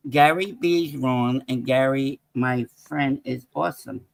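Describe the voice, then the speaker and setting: A man, a guest on a live-stream talk show, talking in an excitable way and calling out viewers in the chat. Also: mid-range voice, a little slow, creaky, dry recording. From New York. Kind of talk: casual live-stream banter.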